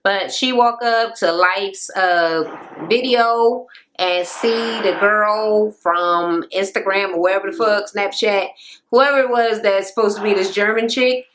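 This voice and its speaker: A woman's voice: medium pitch, measured pace, fairly bright tone, slight background noise. A young woman giving a casual, profane recap rant on a reality show, blunt and full of filler words. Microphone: camera mic.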